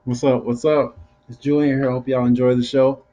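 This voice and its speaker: A man's voice: medium pitch, flat delivery, moderate pace, dark tone, muffled recording. A young male student co-hosting over a video call, talking in a laid-back, casual way. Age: young adult. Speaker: student co-host. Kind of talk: casual chat.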